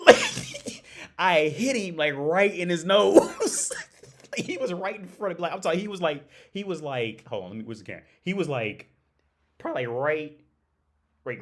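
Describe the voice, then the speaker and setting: A man on a casual livestream, telling a story in a loose, rambling way. He laughs often, swears freely and keeps tossing in "like" and "right?". His middle-pitched voice swings widely up and down as he gets into it. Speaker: livestream host.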